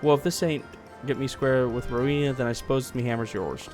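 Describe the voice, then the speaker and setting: Man voicing a gruff old blacksmith, surly, blunt, folksy, scornful. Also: mid-range voice, a little fast, over music, close to an everyday voice. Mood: grudging. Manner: blunt, folksy, swears mildly.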